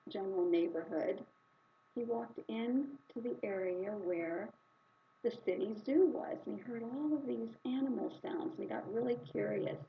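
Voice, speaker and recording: A woman telling a story during a spiritual service in an animated, conversational way. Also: mid-range voice. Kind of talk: sermon storytelling. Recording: slightly dull recording with faint hiss.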